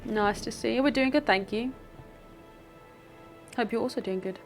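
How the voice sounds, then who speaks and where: A woman's voice: fairly high pitch, normal speed, faint music behind. A woman hosting a casual gaming stream, chatty and giggly as she greets viewers and banters with her co-host. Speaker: community manager streaming a game.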